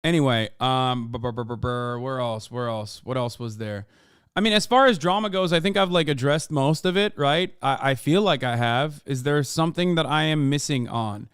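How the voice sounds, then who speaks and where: A man's voice: mid-range voice, normal speed, a bit bright, clear, resonant tone, no room sound, studio quality. A man streaming live, reacting to clips with heated, profane, mocking commentary. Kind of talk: casual profane livestream commentary.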